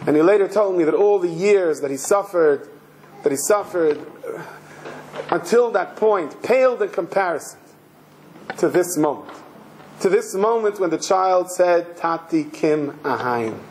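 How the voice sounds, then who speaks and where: A rabbi delivering a sermon, a man whose voice sits high for a man. He tells emotional stories and leans on repeated phrases for weight, with faint noise in the background. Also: a little slow, long pauses, darkish tone, rough recording.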